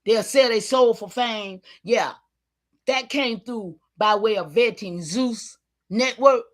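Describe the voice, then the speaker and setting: A woman giving an impassioned, preachy livestream talk, calling out to her listeners and sometimes shouting in frustration. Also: a little high, takes it slowly. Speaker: online community leader.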